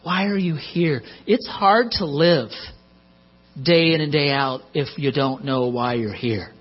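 A man's voice: a little high, takes it slowly. A middle-aged man preaching a sermon in a conversational way, with joking asides, on a muffled recording with mains hum.

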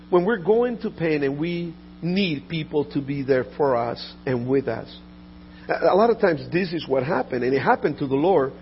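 A high-pitched man preaching with earnest intensity, stumbling over restarts and repeated words, sinking quiet and low when he speaks of pain. The audio is dull and lo-fi. A faint mains hum sits underneath. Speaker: pastor. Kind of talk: sermon.

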